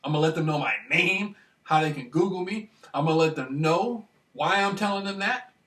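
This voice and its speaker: A man talking casually to camera, animated and repetitive, swinging between loud bursts and hushed murmurs. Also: on the high side, a little fast, far from the mic. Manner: animated, repetitive, keeps asking "you know what I mean". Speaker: vlogger. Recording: echoey room, voice off-mic.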